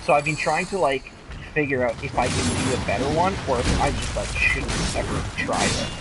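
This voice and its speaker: A man's voice: medium pitch, brisk, very noisy. Joking man streaming a game. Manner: joking, rambling, easily astonished. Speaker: gaming streamer. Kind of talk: casual game commentary. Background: loud video game music.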